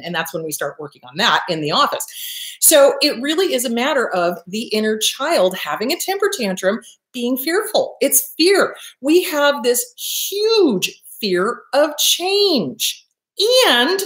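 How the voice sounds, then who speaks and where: A woman's voice: a little high, big pitch swings, measured pace, fairly bright tone, roomy sound. A woman therapist hosting a self-help talk, blunt and emphatic, swearing freely and repeating her points for effect. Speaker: therapist and host.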